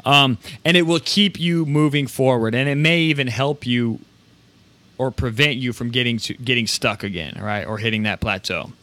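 A man hosting a live show, giving casual, energetic motivational talk about running a print business, with rambling restarts and some swearing. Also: medium pitch, moderate pace.

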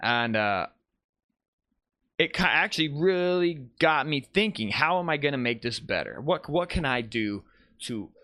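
A man's voice: medium pitch, lively intonation, measured pace, sharp tone, no room sound, clean studio sound. A man hosting a live podcast, talking casually and rambling, correcting himself and greeting chat viewers as he goes. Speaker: podcast host.

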